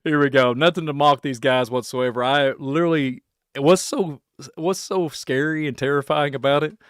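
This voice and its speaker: A man's voice: fairly high pitch, moderate pace, smooth, no room sound, clean studio sound. A man hosting a one-man reaction podcast, rambling in a folksy way and laughing often. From Kentucky. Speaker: podcast host. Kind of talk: reaction podcast, casual chat.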